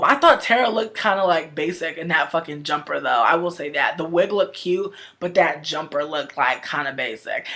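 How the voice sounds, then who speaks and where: Woman, livestream vlogger, webcam, reality TV commentary, profane, animated, middle pitch, loud bursts then low mutters. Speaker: reality TV reviewer.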